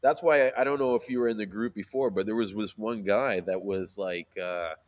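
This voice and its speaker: Man chatting casually, lively and animated, heavy on filler words. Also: lowish voice, fairly quick. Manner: animated, swears freely, many fillers. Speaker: sea moss seller. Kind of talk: casual storytelling chat.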